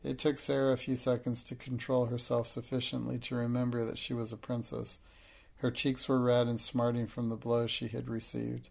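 A man reading a classic children's novel aloud as an audiobook, in steady, measured storytelling. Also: medium pitch, vocal fry. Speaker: audiobook narrator.

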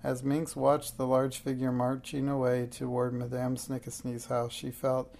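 A reader narrating a children's storybook aloud in a steady, unhurried way, with small slips. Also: mid-range voice, vocal fry.

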